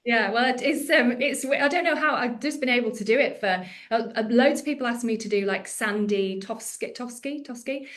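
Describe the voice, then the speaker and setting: A woman's voice: fairly high pitch, a little fast, few pauses, a bit bright. A woman comedian in her thirties, chatting casually and self-deprecatingly as a podcast guest.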